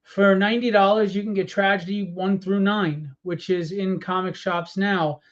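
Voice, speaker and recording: A tired man walks through his comic book campaign on a casual live stream, rambling with many fillers and openly annoyed about what's gone wrong. His voice is high and steady at normal speed, with lo-fi sound.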